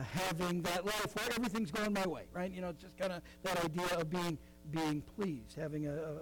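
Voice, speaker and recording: A middle-aged pastor with a slightly high voice preaches conversationally, full of asides and fillers. The recording is rough, with slight background noise.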